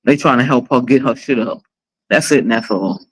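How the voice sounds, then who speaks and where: A woman's voice: very deep voice, brisk, low-quality recording. A woman in her forties hosting a livestream, chatting casually with blunt, profane, dramatic storytelling. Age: 40s. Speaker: livestream host.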